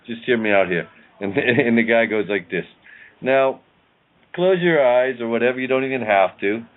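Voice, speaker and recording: A man's voice: mid-range voice, expressive, normal speed. A man in casual spiritual chat on a radio show, rambling and thoughtful with many hesitations. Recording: tinny phone line.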